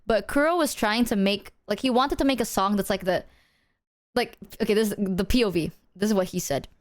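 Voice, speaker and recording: A woman's voice: mid-range voice, brisk. A woman streamer chatting casually with her viewers, playful and swearing freely, breaking into silly sung bits.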